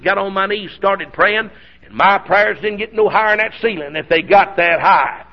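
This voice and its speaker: A man's voice: sits high, vocal fry. A middle-aged man with a sore throat, preaching a folksy storytelling sermon that swells into hollering. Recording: dull lo-fi recording.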